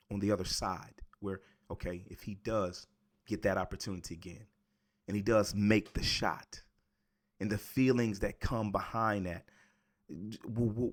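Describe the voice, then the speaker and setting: A man in his forties telling a personal story earnestly, repeating words for emphasis. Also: fairly low pitch. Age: 40s. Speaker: motivational speaker.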